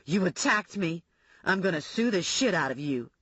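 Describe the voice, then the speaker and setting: A woman voicing a catty, indignant female rival who hurls shrill insults, on a slightly dull recording. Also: lively intonation, moderate pace, a bit bright, breathy edge, no room sound.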